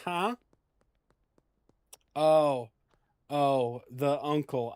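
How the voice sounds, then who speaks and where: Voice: mid-range voice, unhurried, no echo. Laid-back chatty streamer with a lilt. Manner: relaxed, chatty, self-mocking, laughs often. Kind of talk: casual gaming stream chat.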